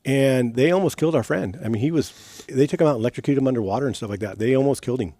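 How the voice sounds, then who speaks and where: Middle-aged male guest, animated storyteller, fast and mellow, dry close mic. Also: medium pitch, no echo. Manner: animated anecdote-telling, acting out quoted voices. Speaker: guest, retired motocross racer. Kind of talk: casual storytelling.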